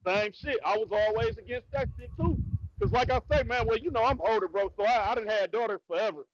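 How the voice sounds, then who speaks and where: Middle-aged Detroit man, rapper guest, emphatic and loose, high voice, dry muffled sound. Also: fast talker, slight background noise. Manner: loose and emphatic, cusses, repeats "bro" and "you know what I'm saying". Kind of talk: casual interview chat.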